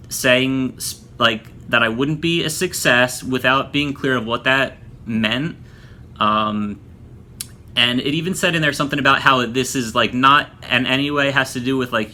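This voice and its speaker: A man talks straight into a nearby camera from a room at home, in a loose, filler-heavy vlog style. His voice has a very bright, sharp edge, though his pitch stays in the middle. He often slips into mocking imitations of other people. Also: slight background noise. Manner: chatty, frequent fillers, mocking impressions of others. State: just showered, hair still wet. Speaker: former student telling his story. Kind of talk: casual vlog monologue.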